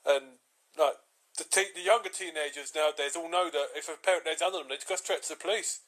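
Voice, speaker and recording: A man's voice: a little high, fast talker, a bit bright, poor audio. A man in his thirties from Britain ranting in casual chat, stammering and swearing freely. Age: 30s.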